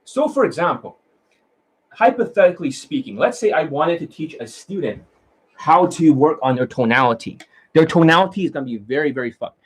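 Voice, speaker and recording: A man's voice: fairly high pitch, animated, a little fast, slightly rough. A man, a dating coach from Canada, talking to his students in a blunt, rambling, profane monologue and scolding them.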